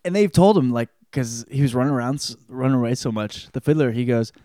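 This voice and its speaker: A man's voice: mid-range voice, animated, quick pace, warm tone, dry recording, studio quality. A man hosting a podcast, giving a casual spoken book report in a rambling, joking way with lots of swearing. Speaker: podcast host.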